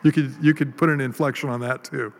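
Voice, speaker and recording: A man preaching a sermon in a relaxed, conversational way, with self-deprecating jokes and many ums and restarts. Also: mid-range voice, a little fast, creaky. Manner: conversational, jokey, with fillers and restarts. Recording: long hall reverb.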